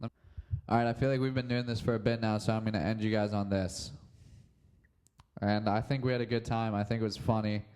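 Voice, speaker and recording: A man's voice: on the low side, fairly quick, clear, resonant tone. A young man hosting his own podcast alone, chatting casually and rambling with lots of "um" and "like.". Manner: rambling, relaxed, heavy on fillers like "um" and "like". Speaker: podcast host. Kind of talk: casual solo podcast chat.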